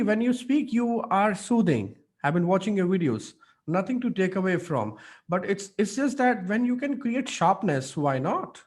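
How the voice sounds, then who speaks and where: Male speaking coach on a video call, lively and hands-on, slightly high-pitched, filler-heavy. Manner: energetic, demonstrative, frequent fillers. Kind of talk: online mentorship session.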